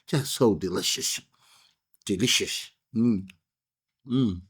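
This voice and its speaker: A man's voice: on the low side, slow, slightly rough. A man with a Hawaiian pidgin accent, chatting casually and telling a rambling story while reviewing a cigar, full of fillers and restarts. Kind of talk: casual chat.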